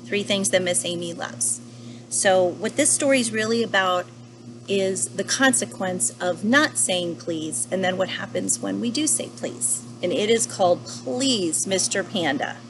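Gentle woman reading a storybook to kids. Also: medium pitch, animated, a little slow, noisy background. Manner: gentle, asks the listener questions. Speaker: teacher reading to children. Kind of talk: children's story read-aloud.

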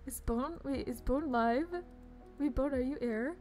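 A woman's voice: on the high side, measured pace, darkish tone, soft background music. A woman streamer chatting casually on a live stream, gushing and giggling as she greets her viewers.

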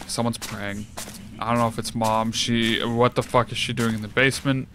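A man giving casual, profane, excitable commentary while playing a video game. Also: medium pitch, moderate pace, slight background noise. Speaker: let's play gamer. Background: game music.

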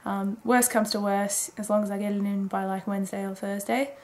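A woman's voice: mid-range voice, flat delivery, brisk, darkish tone. A woman in her twenties rambling casually through a late-night video diary, chatty and full of fillers. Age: 20s. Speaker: daily vlogger.

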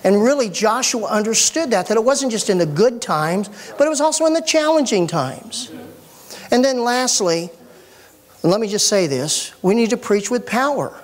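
A man's voice: sits high, normal speed. Middle-aged guy preaching, folksy and fired up, cracks jokes from the pulpit. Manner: animated, folksy preaching with joking asides. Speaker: pastor. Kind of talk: sermon.

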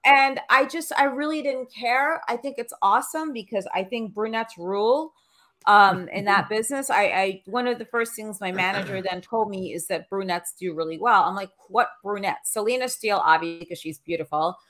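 A woman's voice: mid-range voice, normal speed, a bit bright. Woman guest on a call, blunt and salty, filler-heavy and offhand. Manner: blunt, profane and dismissive, with lots of "like" and "um". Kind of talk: casual podcast chat.

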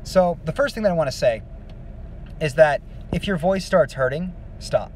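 A man giving a casual singing lesson, explaining vocal technique in a relaxed, rambling way with many fillers. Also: a little high, moderate pace, a little hiss or hum. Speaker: vocal coach.

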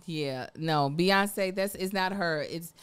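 A woman's voice: on the low side, slow pace, clear, resonant tone. A woman co-hosting a comedy podcast, blunt and teasing in casual banter. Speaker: podcast co-host.

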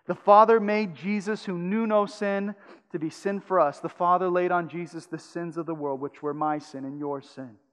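High-voiced pastor preaching in a reverberant hall. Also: male voice, steady tone, moderate pace. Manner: swings from loud urgent pleading to hushed intimate tones. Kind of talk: sermon. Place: church sanctuary.

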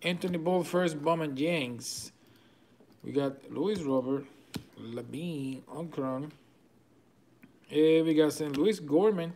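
A man with a Venezuelan Spanish accent hosts a card break, rattling off names rapid-fire as he opens packs, excitable and chuckling. His voice sits on the high side, with slight background noise behind this live card-opening commentary.

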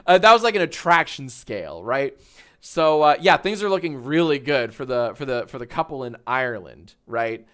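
A man's voice: medium pitch, animated, normal speed, a bit bright. A man in his thirties chatting casually on a livestream, telling a story with swearing and frequent laughter. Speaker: streamer.

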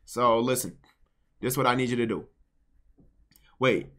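A man in his twenties coaching a friend on a stream with a headset mic, bossy and fast-talking. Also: mid-range voice, fairly bright tone. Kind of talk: casual stream chat. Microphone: gaming headset.

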